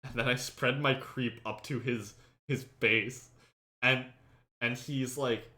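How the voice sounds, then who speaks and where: Bright-voiced man telling a gaming story. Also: mid-range voice, unhurried. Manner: animated, acts out friends' lines loudly, laughs. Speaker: podcast host and streamer. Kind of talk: casual storytelling chat.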